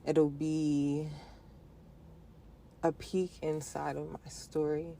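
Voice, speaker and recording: A woman's voice: deep voice, little pitch movement, takes it slowly, creaky, mellow, a little hiss or hum. A woman hosting her own podcast in a playful, rhythmic solo monologue, with casual slang and frequent laughter. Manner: casual, conversational phrasing with slang. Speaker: podcast host.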